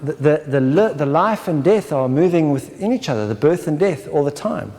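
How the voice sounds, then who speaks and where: A man with a somewhat raised pitch leads a spiritual workshop talk, keeps asking his listeners "right?" and slips into brief acted-out inner voices. The recording carries the long, lingering reverb of a large lecture hall. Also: animated, normal speed, warm tone. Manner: checks in with listeners with a constant "right?"; acts out inner voices in short dramatized asides. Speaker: workshop presenter.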